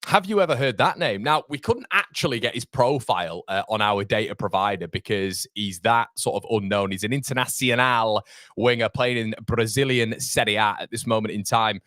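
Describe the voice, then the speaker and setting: A young man speaks at a normal speed in a lowish, slightly bright voice as he hosts a live football fan stream, chatting, rambling, and reading viewer comments despite feeling fuzzy from a mild concussion. The studio sound is clean, with no room sound.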